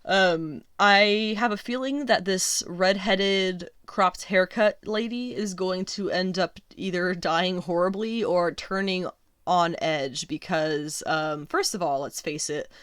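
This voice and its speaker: Brief: female podcast host, lower voice, dry close sound, chatty and emphatic, full of ums and restarts. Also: slow, a bit bright, clean tone, no echo. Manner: rambling, many fillers and restarts; opinionated, emphatic. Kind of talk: casual solo commentary.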